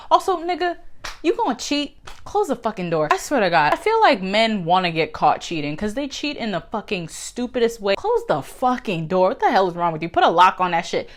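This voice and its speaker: A woman ranting casually to her camera, loud and profane. Her voice leaps high when she gets worked up, then drops low and quiet. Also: normal speed. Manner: animated, profane, ranting with big pitch jumps. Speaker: video creator. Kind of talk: casual commentary vlog.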